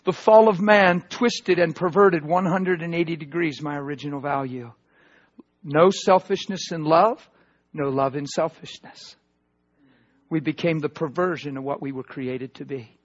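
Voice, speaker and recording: High-voiced man preaching with fervor. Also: measured pace, muffled recording. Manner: emphatic, swinging from loud proclamations to hushed asides. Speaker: pastor. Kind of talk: sermon.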